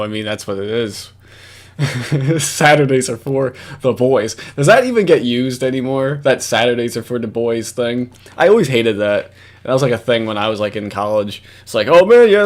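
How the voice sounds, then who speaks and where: A man giving casual, rambling reaction commentary at his computer, swearing often and breaking into laughs. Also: mid-range voice.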